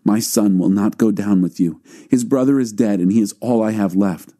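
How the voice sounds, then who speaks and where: A man's voice: on the low side, normal speed, warm tone, lightly acted. A man reading the lines of a grieving, fearful old father in a scripture reading. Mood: sorrowful. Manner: mournful, pleading.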